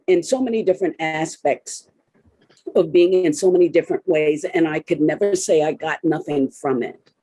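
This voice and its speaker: A woman in the audience asks an earnest question, hesitating and restarting often. Her voice is low, dark and husky, and she speaks slowly. The sound is dry. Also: dry recording, poor audio. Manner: hesitant, many restarts and fillers. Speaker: audience member asking a question.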